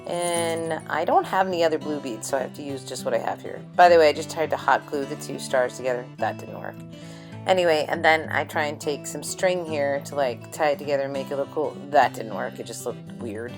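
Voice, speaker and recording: A woman's voice: low voice, brisk, music in the background. A woman hosting a casual crafting vlog from her home craft table, chatty and rambling. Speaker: craft channel host.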